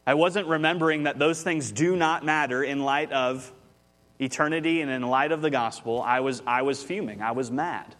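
A man's voice: medium pitch, moderate pace, fairly bright tone. A man, preaching a conversational sermon as pastor, telling a story and rising with animation.

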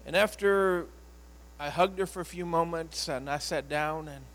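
A man's voice: fairly high pitch, a bit bright, low-quality recording. Earnest man telling a sermon story. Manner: earnest, emotional, halting with repeated words. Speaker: pastor.

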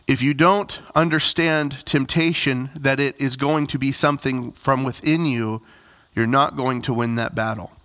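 A man's voice: mid-range voice, fairly bright tone. A male pastor preaching a sermon, earnest, building to emphatic repeated phrases and addressing the congregation directly.

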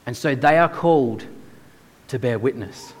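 A man gives a sermon in an easygoing, conversational manner, as if chatting with friends. His voice sits at a middling pitch. It rings out in a church hall with a long, lingering echo. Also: lively intonation, unhurried, slightly rough. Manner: casual and conversational, with many "like"s. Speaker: preacher.

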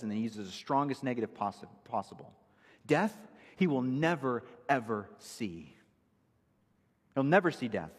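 A man's voice: medium pitch, husky, big-room sound. A male pastor preaching an emphatic, verse-by-verse expository sermon in a church sanctuary.

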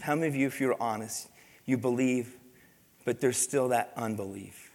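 A man's voice: medium pitch, fairly quick, darkish tone, in a large hall. A man preaching a sermon as pastor, reading scripture and questioning his congregation, his delivery swelling and falling in intensity. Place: church sanctuary.

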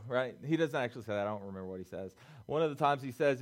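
A man's voice: fairly high pitch, lively intonation, fairly quick. A man in his thirties preaching a casual sermon, joking and acting out quoted voices. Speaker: pastor.

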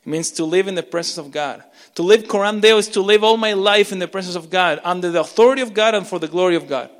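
A man preaching a sermon as pastor, impassioned, with frequent repeats and restarts, swinging between urgent loud lines and hushed ones. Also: high-pitched, quick pace. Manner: repeats words and restarts mid-phrase. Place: church sanctuary. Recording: long reverb of a large church.

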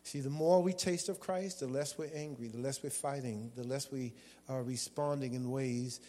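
A man preaching a sermon as a guest preacher, calling out to the congregation and shouting at times. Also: medium pitch, fairly even intonation, normal speed. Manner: call-and-response preaching with bursts of shouting. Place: church sanctuary. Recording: long hall reverb.

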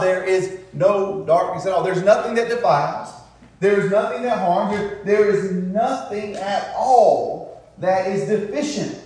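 The voice is high-pitched and darkish, belonging to a man delivering a sermon in a church sanctuary. He draws out emphatic words and tosses rhetorical "isn't it?" questions to the congregation, call-and-response style. He is far from the mic in a very echoey space.

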